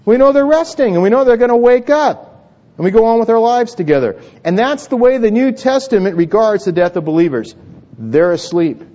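A man with a high voice preaches to a congregation in a church hall. He talks conversationally, tripping over repeated words and restarting his sentences. The recording sounds dull and lo-fi. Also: animated, fairly quick, mellow. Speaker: pastor. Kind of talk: sermon.

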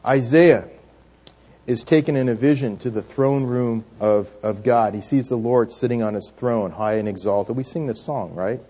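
A male pastor preaching a sermon, asking the congregation questions and leading call-and-response, swinging between hushed and loud moments. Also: mid-range voice, normal speed, slightly rough. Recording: dull lo-fi church recording.

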